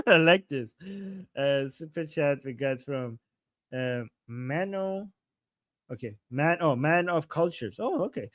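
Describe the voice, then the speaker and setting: Man, livestream host, high voice, mocking and sarcastic, dry close sound, swears a lot. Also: takes it slowly, fairly bright tone, no room sound. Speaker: livestream political commentator. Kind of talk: casual livestream commentary.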